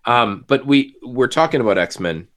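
A man co-hosting a relaxed podcast chat, jokey and quick to slip into playful mock voices. His pitch swings widely as he talks. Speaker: podcast co-host. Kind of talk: casual chat.

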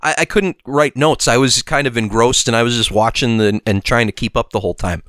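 A young man co-hosts a podcast, chatting casually and rambling with lots of fillers and restarts. His medium-pitched voice is fairly bright and a little fast, captured in a dry, clean studio recording.

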